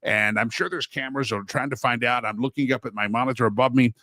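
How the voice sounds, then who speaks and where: Man, talk show host, rambling, opinionated, mid pitch, dry close sound. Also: fast talker, pushed and bright, no room sound. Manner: rambling, opinionated, with many restarts. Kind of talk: casual daily talk show.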